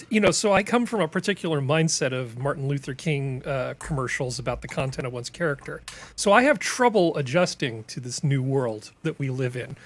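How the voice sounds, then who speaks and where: A middle-aged man, a podcast guest, rambling through his points with many fillers and restarts. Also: medium pitch. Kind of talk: casual political chat.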